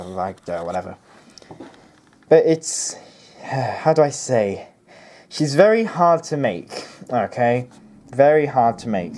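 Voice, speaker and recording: A man's voice: on the low side, warm tone. A young man giving a casual unboxing review of a model kit, rambling, hesitant and often correcting himself. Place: home near a road.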